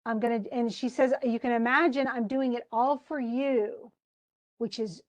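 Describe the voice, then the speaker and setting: A woman's voice: fairly high pitch, steady tone, moderate pace. A woman teaching a literature class, chatting about a play and reading lines aloud with frequent laughs. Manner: chatty, reads quotes aloud, laughs often.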